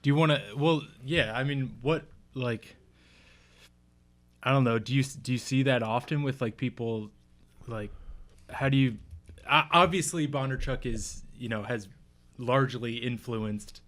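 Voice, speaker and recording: A male podcast host who asks questions in a halting way and searches for his words. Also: medium pitch, a bit bright. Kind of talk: casual podcast interview.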